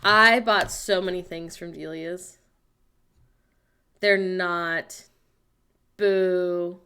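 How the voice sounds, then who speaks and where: An American woman hosting a casual livestream, chatting playfully and reading viewers' messages aloud with animated, self-mocking humor. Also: fairly low pitch, very slow, clear, resonant tone. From United States. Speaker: livestream host reading chat. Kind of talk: casual chat.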